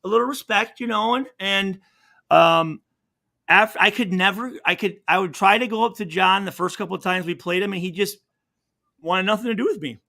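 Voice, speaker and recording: Brief: man in his forties, ex-football guest, high bright voice, swears freely, rambles through anecdotes. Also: moderate pace, gravelly. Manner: profane, rambling, acts out quotes. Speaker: former football safety, guest. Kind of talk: casual interview storytelling.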